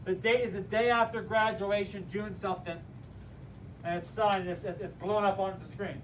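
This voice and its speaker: A man teaching a class, telling a story in an animated, direct and motivational way. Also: high voice, moderate pace. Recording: distant mic with faint room noise.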